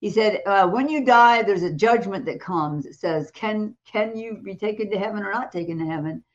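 A woman co-hosting a talk show, retelling a testimony in a lively way and acting out the voices in it. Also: mid-range voice, normal speed, highs cut off. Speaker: co-host. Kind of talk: animated testimony storytelling.

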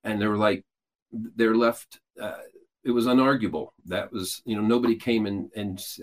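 A man's voice: fairly low pitch, fairly even intonation, normal speed. A man hosting a show, talking loosely and explaining at length, with frequent restarts and filler sounds. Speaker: host. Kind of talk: casual teaching talk.

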